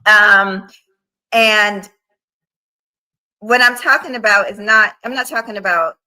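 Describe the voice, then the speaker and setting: Woman host, casual stream chat, bright mid-pitched voice, talks straight to her viewers. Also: slow, poor audio. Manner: chatty, addresses viewers as y'all. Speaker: livestream host.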